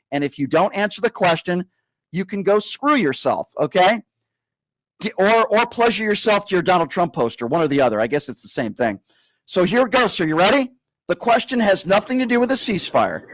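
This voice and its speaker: A man hosting a live call-in radio show, berating a caller and slowing down to lecture him. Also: high voice, a bit bright, slight background noise, low-quality recording. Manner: combative, insulting, slows down to lecture. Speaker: radio talk show host.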